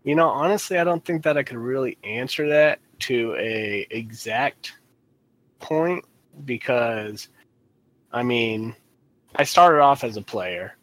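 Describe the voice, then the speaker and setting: A man's voice: lowish voice, fairly bright tone, rough recording. A man who runs a tabletop game, chatting in a laid-back, rambling way. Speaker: dungeon master. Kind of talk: casual chat.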